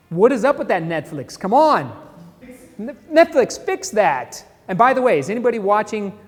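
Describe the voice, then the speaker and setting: Casual, jokey male stream host; high voice, reverberant room. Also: animated, moderate pace, faint music behind. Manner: chatty, jokey, laughs at memes. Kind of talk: casual live-stream commentary. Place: San Antonio, Texas.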